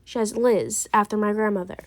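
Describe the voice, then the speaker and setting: A woman's voice: medium pitch, steady tone, fairly quick, close to an everyday voice. A woman voicing an anxious young wife and new mother who rambles and corrects herself, in an amateur role-play drama. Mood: explaining. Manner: rambling, trailing off, self-correcting.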